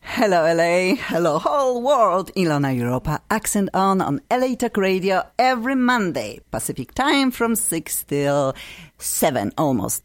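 A woman with a low voice hosts a live radio talk show from a studio. She speaks with wide, lively swings in pitch and sounds effusive and excitable, breaking into bursts of laughter. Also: moderate pace.

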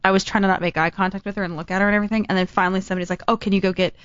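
A woman in casual chat, an entertainer telling a story and acting out the quotes with lively energy. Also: medium pitch, rapid-fire, clear, resonant tone, highs cut off.

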